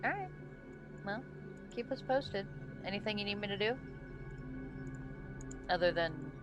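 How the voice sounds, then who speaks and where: A woman running a tabletop game as game master, narrating in a relaxed, conversational way. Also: medium pitch, a little slow, long pauses, over music.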